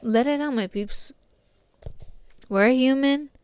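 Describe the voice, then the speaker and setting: A woman's voice: high voice, slow pace, a little mellow, clear, resonant tone, no echo. A young woman hosting her podcast, talking casually and from the heart to her listeners in a slangy way that is full of swearing. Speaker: podcast host.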